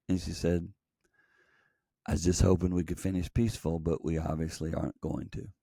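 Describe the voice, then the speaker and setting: A man's voice: sits low, flat delivery, fairly quick, creaky, mellow, dry recording, studio quality. A middle-aged man telling a personal story earnestly, acting out quoted dialogue, as a podcast guest. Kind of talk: conversational storytelling.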